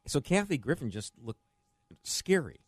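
A man's voice: medium pitch, very animated, normal speed, slightly rough, dry recording, studio quality. A man co-hosting a morning talk radio show, chatting in a jokey, self-deprecating way. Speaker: radio co-host. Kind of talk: casual talk radio banter.

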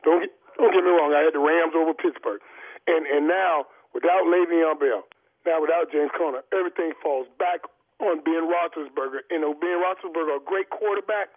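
A man calls in to analyze football on a tinny, phone-like line, his voice sitting a little high. He talks emphatically, repeating and restarting his phrases, and he has the hiccups. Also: a little fast. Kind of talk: sports talk on the phone.

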